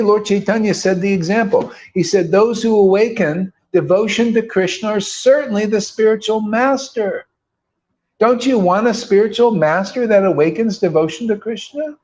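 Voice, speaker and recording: Male preacher: emphatic, casual and rhetorical. High voice, dull lo-fi sound. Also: a little mellow. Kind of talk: sermon. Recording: dull lo-fi recording.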